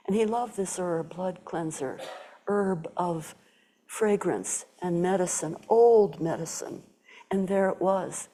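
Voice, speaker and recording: Older woman telling a story, mellow voice. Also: on the low side, slow pace, a little hiss or hum. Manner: warm storytelling with quoted voices and whispers. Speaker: Zen teacher giving a talk. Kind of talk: storytelling dharma talk.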